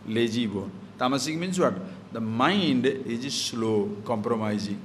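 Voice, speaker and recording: A man's voice: mid-range voice, lively intonation, unhurried, fairly bright tone, a little hiss or hum. A man giving a scripture talk, explaining Sanskrit verses with everyday examples and rhetorical questions. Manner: mixes Sanskrit verses into English. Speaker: spiritual teacher.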